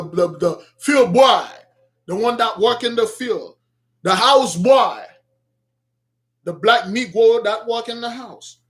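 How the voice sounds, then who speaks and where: Man, preacher, high voice, emphatic, repetitive, shouts then drops to quiet asides. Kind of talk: street-style sermon.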